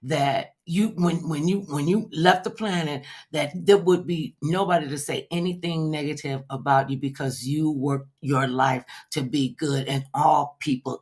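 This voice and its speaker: A woman hosting a talk show, affirming her guest and musing reflectively in casual conversation. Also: sits low. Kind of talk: casual interview chat.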